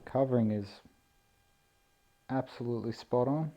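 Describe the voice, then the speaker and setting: A man's voice: medium pitch, a little slow, warm tone. A man giving a laid-back, self-deprecating unboxing commentary on a model plane, indoors on a camera mic. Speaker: RC plane hobbyist vlogger. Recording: dull lo-fi camera audio.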